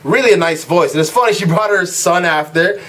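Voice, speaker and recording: A young man with a high voice rants about a night out for his vlog audience. He tells it in a lively, loose way, acting out quotes and tripping over his words with fillers and restarts. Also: brisk. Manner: animated storytelling, acts out quotes, frequent "like" and restarts. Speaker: vlog host. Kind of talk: casual rant to camera.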